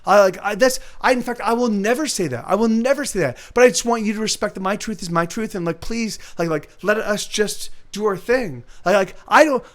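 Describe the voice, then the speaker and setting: A man's voice: high-pitched, fairly quick, hardly any pauses. A man talking in a rambling, profane monologue, restarting his sentences and answering chat readers by name as a livestream host. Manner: profane, repetitive, restarts often.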